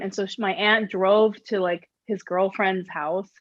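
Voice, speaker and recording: A woman interviewing a guest in casual conversation, chatty and lively, with many "like" fillers. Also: mid-range voice, unhurried, dry recording, lo-fi sound.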